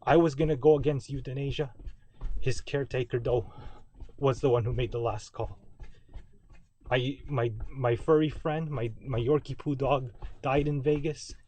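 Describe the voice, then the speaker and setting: A man's voice: medium pitch, fairly even intonation, moderate pace, mellow, slight background noise. A man recording a rambling, ranting video message from his basement at home, repeating and correcting himself as he goes. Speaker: vlogger. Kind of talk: direct-to-camera video message.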